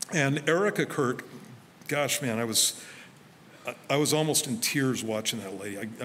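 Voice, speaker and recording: A man preaching a sermon as pastor, telling personal stories in a relaxed conversational way. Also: mid-range voice. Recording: faint hall reverb with light noise.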